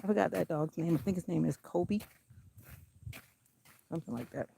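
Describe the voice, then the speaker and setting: A woman with a gravelly, creaky voice talks casually into a handheld phone as she walks her dog outdoors along a country road. She keeps up a chatty commentary and snaps out firm, sharp commands to the dog, with a faint hiss of noise behind her. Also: on the low side, moderate pace. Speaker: vlogger. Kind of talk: casual walking vlog commentary.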